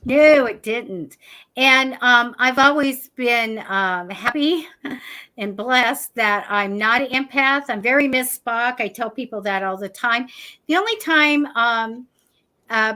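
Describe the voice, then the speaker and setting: A woman hosting a live psychic talk show, chatting casually and acting out what people said. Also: a little high. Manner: animated, chatty, acts out quotes.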